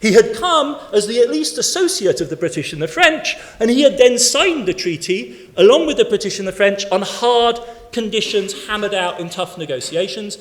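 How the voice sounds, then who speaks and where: A man with a notably high speaking voice delivers an academic keynote to a seated audience. He speaks emphatically and builds his points in rhythmic lists. His words ring out with the long reverb of a large conference hall. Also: lively intonation, moderate pace. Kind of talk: academic lecture.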